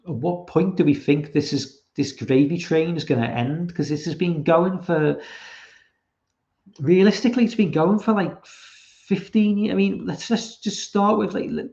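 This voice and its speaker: A man's voice: on the high side, measured pace, creaky, darkish tone, highs cut off. A man hosting a casual podcast stream, rambling and swearing with lots of ums and restarts. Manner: rambling, sweary, full of fillers. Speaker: podcast host. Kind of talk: casual livestream chat.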